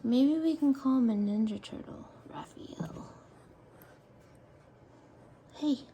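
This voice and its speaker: A woman's voice: high-pitched, takes it slowly, mellow, a little hiss or hum. A woman vlogger talking to a rescued turtle in cooing, coaxing baby talk. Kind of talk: casual vlog talking to a pet turtle.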